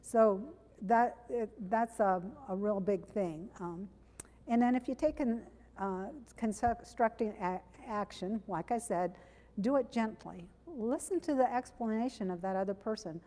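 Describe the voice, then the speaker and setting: Unhurried and mellow, a woman's mid-range voice delivers a sermon in a church sanctuary, echoing with long reverb. She's a preacher who speaks plainly and conversationally, often correcting herself mid-sentence.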